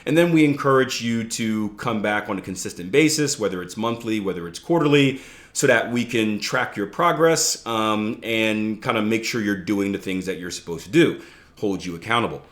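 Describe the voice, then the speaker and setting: A man's voice: on the low side, moderate pace, a bit bright. Chatty male trading coach, casual podcast. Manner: conversational, jokey asides, frequent "right?" checks. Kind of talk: casual instructional podcast talk.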